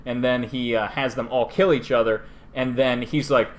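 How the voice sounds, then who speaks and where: A man's voice: mid-range voice, steady tone, normal speed, few pauses. A man hosting a podcast, casually retelling fantasy lore in a rambling, irreverent way full of fillers. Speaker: podcast host.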